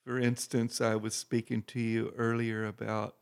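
A man, a guest minister, telling church stories in a relaxed chat, with many pauses and fillers, growing louder as he gets into a story. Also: medium pitch. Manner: unhurried, gravelly, many fillers, grows loud and excited telling stories.

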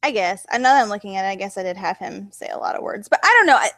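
A woman's voice: medium pitch, racing, a bit bright, no echo. A woman in casual chat about writing, rambling with lots of fillers. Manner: rambling, many fillers like "like" and "you know".

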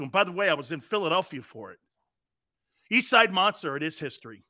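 A middle-aged man hosting a live sports talk stream, loud and excitable, reacting to the chat with exclamations. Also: fairly high pitch, no room sound. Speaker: sports talk show host.

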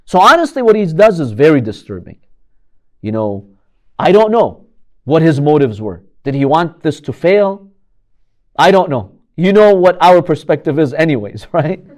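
Guy lecturing on religious history, lively up-and-down voice, pretty high, dramatic rhetorical questions. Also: moderate pace.

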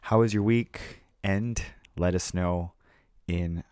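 Man, low voice, playful rambling podcast co-host, dry close mic. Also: steady tone, slow, a little mellow, clean tone, no room sound. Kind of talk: casual podcast chat.

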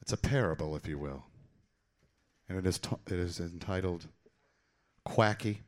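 A man performing a comic slam poem live, theatrical, swinging from loud outbursts to low mutters. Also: moderate pace. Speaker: slam poet.

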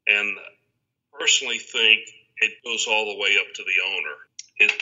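A man with a low yet sharp, bright voice speaks as a guest writer on a podcast. His answers are measured and careful. His sound comes through dull and lo-fi. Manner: measured, thoughtful, with hedged opinions. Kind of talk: casual podcast interview.

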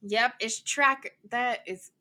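Young woman, podcast co-host, slightly high voice, sarcastic, giggly casual recap. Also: slow, sharp tone. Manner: sarcastic, giggly, talks over her co-host.

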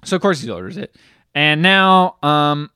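A man casually recapping a movie plot on a podcast, rambling and swearing, with quick acted-out asides. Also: on the high side, expressive, sharp tone, smooth, no echo, clean studio sound. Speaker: podcast co-host.

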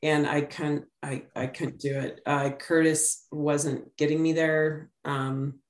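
A middle-aged woman with a low voice co-hosts a casual sports podcast. She rambles easily, with plenty of ums and restarts. Her voice carries a roomy echo. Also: flat delivery, slow pace. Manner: chatty, rambling with fillers. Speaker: podcast co-host.

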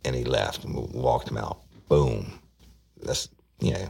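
A man tells a police story in a loose, casual way. His voice is extremely low, with a heavy gravelly fry and a husky edge. He acts out the lines of the people in his story as he goes. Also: normal speed, fairly bright tone. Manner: retells dialogue, acting out quoted voices. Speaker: detective recounting a case.

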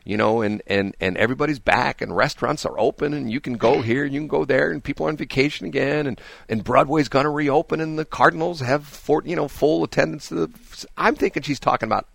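A man hosting a radio talk show, giving his opinions in an animated, talkative way and mocking the people he disagrees with. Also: medium pitch, fast talker, vocal fry, no room sound. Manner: animated, mocking imitations of others. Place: radio studio.

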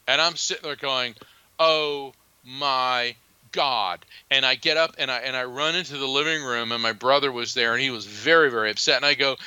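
Earnest, bright-voiced man telling a story. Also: medium pitch, clear, resonant tone, dry recording, low-quality recording. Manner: earnest, halting with many restarts and fillers. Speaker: psychic medium and author, interview guest. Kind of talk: conversational interview storytelling.

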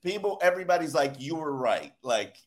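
A man hosting a sports podcast, talking in an animated, emphatic way in casual chat about football. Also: fairly high pitch, a little fast. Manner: animated, emphatic, laughs while telling stories. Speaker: sports podcast host and former beat reporter.

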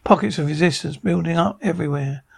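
Man doing a ruthless war chief, curt, threatening, gravelly. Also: a little high, fast talker, heavily acted. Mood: cold.

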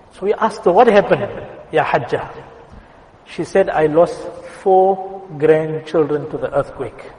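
A man preaching a Friday sermon with a fairly high voice, telling stories earnestly. He slows down and goes soft for quoted words. His voice rings through a big hall with a long reverb. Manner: earnest storytelling, slowing and softening for quoted words. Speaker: imam giving a Friday sermon. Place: mosque prayer hall.

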